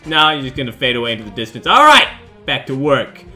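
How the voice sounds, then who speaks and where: A man playing a horror game and commenting on it in a goofy, joking, excitable way. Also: mid-range voice, fast talker, soft background music. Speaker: gaming video host.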